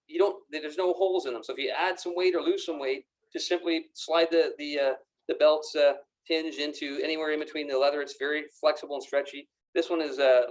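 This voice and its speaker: With a fairly high voice, a man runs a live product demo of golf gear in a pro shop, racks at his back. His delivery is bubbly and effusive, peppered with fillers and restarts; recording quality is low.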